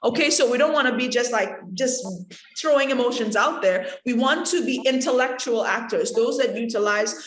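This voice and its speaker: In an echoey room, a Caribbean acting teacher with a slightly high voice speaks at normal speed. She animatedly addresses the workshop directly, demonstrating examples along the way.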